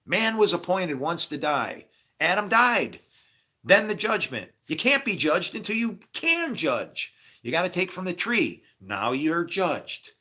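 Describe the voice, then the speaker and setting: A man's voice: sits high, big pitch swings, measured pace, sharp tone. A man giving a rambling, casual spiritual monologue, swearing freely, laughing often and acting out imagined conversations. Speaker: spiritual speaker.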